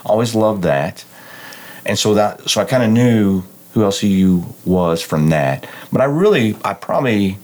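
A middle-aged man from West Texas chats in a deep, unhurried voice. His tone is smooth and radio-like, like a hypnotist's, though he trips and restarts his sentences often. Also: animated, darkish tone. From West Texas, United States. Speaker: alumnus guest and amateur hypnotist. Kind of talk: casual interview chat.

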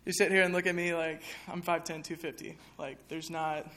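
A woman's voice: deep voice, level tone, moderate pace, fairly bright tone. A young woman speaking candidly to an audience in a chapel, sharing a personal testimony in a conversational way with many fillers.

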